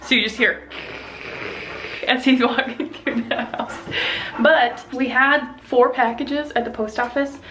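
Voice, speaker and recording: A woman's voice: on the high side, steady tone, a little slow, a bit bright, slight background noise. Chatty woman vlogging at home. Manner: chatty, coos and talks to her dogs. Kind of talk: casual vlog chat. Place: home, indoors and yard. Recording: echoey room with music bed.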